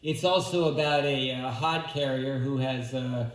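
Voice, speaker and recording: A man at a community hall open mic, casually explaining what he is about to read, relaxed and a little halting. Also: mid-range voice. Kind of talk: casual introduction to a reading. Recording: roomy hall echo.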